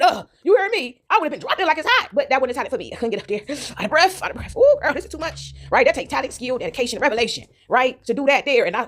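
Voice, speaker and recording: A high-voiced woman talks to her viewers in a casual vlog monologue. She's emphatic and repeats herself, constantly checking in with "right?"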